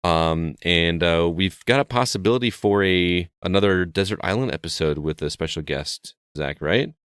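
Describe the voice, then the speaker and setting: A man's voice: sits low, moderate pace, smooth, no echo, clean studio sound. A man hosting a casual podcast, chatting easily and reading out the show's plugs. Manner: relaxed and chatty, reads show plugs. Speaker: podcast host.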